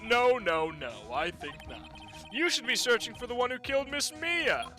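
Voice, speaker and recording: A man's voice: very high voice, very animated, bright, forceful tone, soft background music, full character voice, low-quality recording. A man voicing a pompous, menacing rich company president in a fan game dub, condescending and theatrical. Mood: dismissive. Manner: condescending, theatrical, drawn-out threats.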